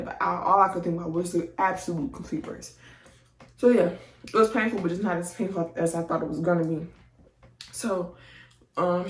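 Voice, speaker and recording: This woman vlogger's voice sits on the low side, and a faint hiss or hum runs under it. She tells her birth story in a chatty, slangy way, performing her own reactions, from far off the mic in an echoey room.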